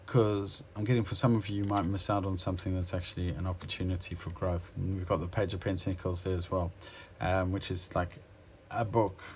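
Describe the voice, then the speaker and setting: A man with a fairly low voice talks through a tarot reading at an easy, casual pace. He muses aloud and hesitates often, restarting his thoughts as he speaks directly to his viewers. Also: level tone, a little fast, hardly any pauses, darkish tone, a little hiss or hum. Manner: musing, hesitant, many fillers and restarts. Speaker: tarot reader.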